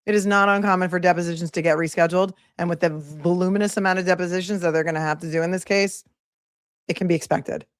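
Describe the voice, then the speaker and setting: A woman's voice: lowish voice, fairly even intonation, fast talker, dry recording, clean studio sound. A woman attorney giving live legal commentary in an emphatic, sarcastic, scolding way.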